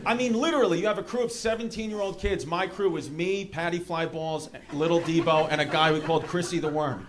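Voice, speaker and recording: A man from New York City with a New York accent, doing a stand-up comedy set with rambling, animated storytelling. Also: fairly high pitch, brisk, hardly any pauses. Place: comedy club stage. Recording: live club room with audience noise. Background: audience laughter.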